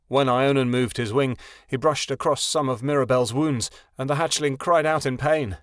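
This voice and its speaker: Steady male audiobook narrator. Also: mid-range voice, moderate pace, no echo, studio quality. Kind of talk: scripted narration.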